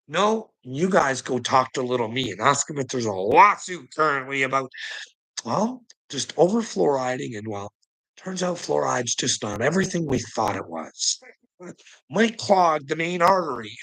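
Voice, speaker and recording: A man's voice: fairly high pitch, lively intonation, measured pace, fairly bright tone, low-quality recording. A man ranting in a rambling monologue, mocking and profane, laughing often between lines. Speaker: vlogger.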